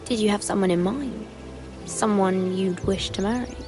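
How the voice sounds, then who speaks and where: An actress playing a gentle, sympathetic young noble lady in a video game, speaking earnestly. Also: mid-range voice, moderate pace, music in the background, lightly acted. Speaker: game character. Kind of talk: voiced video game dialogue.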